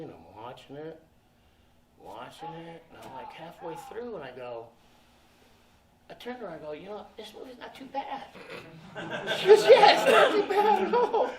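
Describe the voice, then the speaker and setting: An older man telling stories on a convention panel, profane and animated, often laughing as he talks. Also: fairly high pitch, background noise. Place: convention hall. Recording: echoey hall, from far off.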